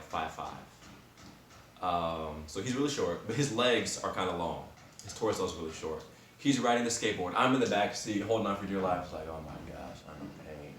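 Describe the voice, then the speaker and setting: A man in his twenties hosting a podcast, telling a story in a casual, animated way, with slang and frequent laughter, talking straight to his listeners. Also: sits low, a little hiss or hum. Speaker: podcast host. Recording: roomy sound from a distant mic.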